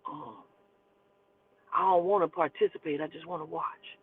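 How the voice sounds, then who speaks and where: A woman voicing her mumbling, hesitant middle-aged father, who talks in a halting drawl over a tinny phone-like line. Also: steady tone, slight background noise, close to an everyday voice. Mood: sly hesitant. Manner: halting, drawling, low and quiet.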